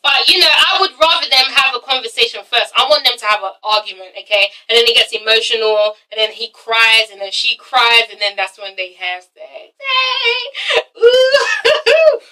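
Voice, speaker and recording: A woman's voice: a little high, fairly even intonation, brisk, few pauses, sharp tone, far from the mic, poor audio. A woman reviewing a TV drama in a casual vlog, emphatic and profane, who keeps checking in with "okay?". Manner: emphatic, swears often, keeps asking "okay?". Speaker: TV show reviewer.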